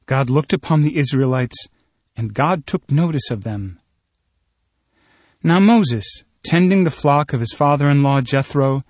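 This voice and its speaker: Husky man reading scripture steadily. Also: fairly high pitch, no room sound. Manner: steady, measured storytelling delivery.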